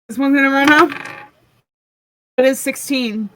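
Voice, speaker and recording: Bright, slow-talking woman game master. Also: high voice, poor audio. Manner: giggly, lots of ums. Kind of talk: running a tabletop game.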